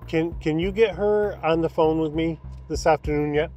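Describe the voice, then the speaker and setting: A man's voice: fairly high pitch, moderate pace, dark tone. Hesitant, stammering man. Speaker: guest.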